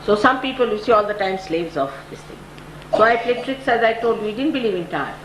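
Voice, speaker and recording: An older woman, a spiritual teacher, giving a devotional talk in a storytelling manner, her voice climbing high when she stresses a point. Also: animated, fairly quick. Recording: echoey room with audible noise.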